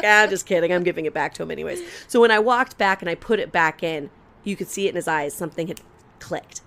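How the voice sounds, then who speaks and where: In a laid-back podcast chat, this young woman co-host tells a lengthy story, performing the quotes and cursing freely. She speaks at a quick pace in a fairly low pitch.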